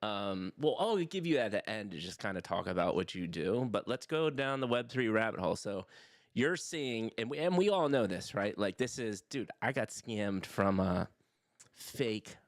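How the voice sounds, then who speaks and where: A man's voice: on the low side, big pitch swings, moderate pace, dry recording, studio quality. A man hosting a podcast, chatting casually in a loose, laid-back way with plenty of slang. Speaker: podcast host.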